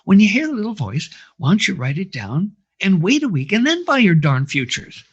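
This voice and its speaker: A practical wife gently scolds her husband in a slightly raised voice, as a man quotes her in his story. The audio is muffled and lo-fi. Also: high voice, sing-song, fairly quick, breathy edge, voice pushed up, full character voice. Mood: coaxing.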